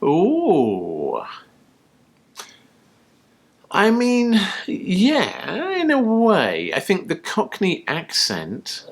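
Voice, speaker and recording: A man's voice: sits high, wildly swooping pitch, drawn-out words. A man from the UK co-hosting a tipsy casual chat, rambling through jokes and stories. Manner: rambling, storytelling, jokey. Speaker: co-host.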